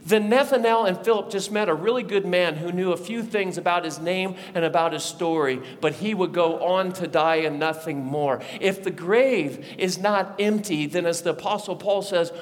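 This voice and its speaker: A man preaching a sermon as a pastor, telling the story in a lively way and acting out the voices of the people in it. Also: sits high. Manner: animated storytelling, acts out voices of disciples. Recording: long reverb of a large hall.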